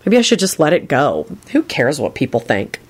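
A woman speaking as a soft-spoken, wistful young woman. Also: low voice, wildly swooping pitch, normal speed, husky, voice pushed down, heavily acted.

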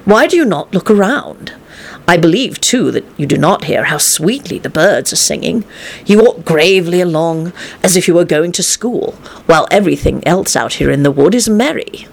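A woman voicing a crafty, hungry male wolf in a storybook reading, speaking in a low, slow, coaxing way. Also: expressive, vocal fry.

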